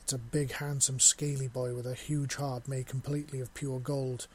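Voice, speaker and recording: A man voicing a devoted, affectionate young human man, talking softly in a husky voice. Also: medium pitch, little pitch movement, moderate pace, natural voice. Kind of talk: audio story reading.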